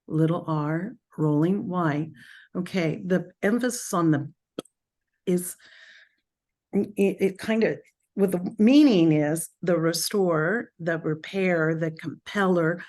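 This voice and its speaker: Slow, low-voiced woman leading spiritual talk. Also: a little mellow. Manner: thoughtful, halting, with pauses and self-corrections. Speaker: spiritual group leader.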